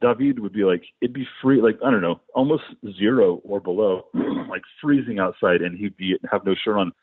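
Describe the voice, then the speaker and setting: Deep-voiced man telling rambling tour stories. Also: fairly quick, breathy edge, no room sound. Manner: rambling, animated anecdotes with many restarts. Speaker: musician, guest. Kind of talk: casual storytelling in a podcast interview. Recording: dry, phone-like.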